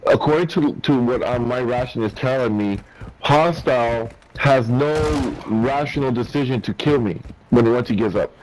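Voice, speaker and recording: A man's voice: medium pitch, moderate pace, darkish tone, a little hiss or hum, rough recording. A man in casual gaming chat who rambles and repeats himself while explaining. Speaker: gamer streaming with a friend.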